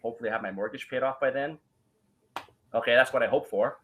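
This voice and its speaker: A man telling his story as a guest in a casual talk, animated, acting out quoted voices and using many fillers. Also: medium pitch, fast, phone-quality sound, slight background noise.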